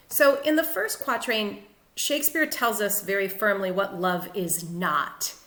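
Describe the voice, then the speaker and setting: A woman literature teacher explaining a sonnet in a clear, methodical lecture. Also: mid-range voice, pushed and bright, echoey room. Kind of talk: lecture-style poetry analysis.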